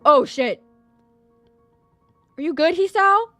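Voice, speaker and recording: A woman streaming a game, her voice high and bright, bursting into gushing squeals. She talks casually, rambling and correcting herself as she goes, in a dry, close sound. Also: animated, slow, dry recording, faint music behind. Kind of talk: casual live-stream chat over a game.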